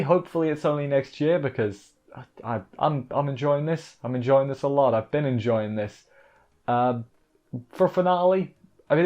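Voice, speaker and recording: Male anime reviewer, excitable and exasperated, mid-pitched, cuts himself off constantly, dull lo-fi mic. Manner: excitable, exasperated, self-interrupting. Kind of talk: casual episode recap review.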